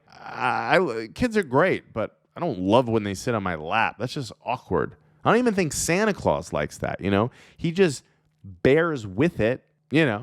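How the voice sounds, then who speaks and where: Man, comedian host, sarcastic riffing monologue, smooth voice, dry sound. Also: medium pitch, no room sound. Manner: riffing, sarcastic, laughs at his own jokes.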